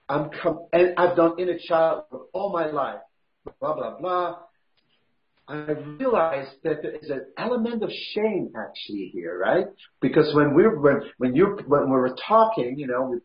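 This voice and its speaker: A man sharing his experience on a group video call, speaking in a rambling, halting way with many fillers. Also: a little high. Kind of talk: casual sharing. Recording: roomy dull video call audio.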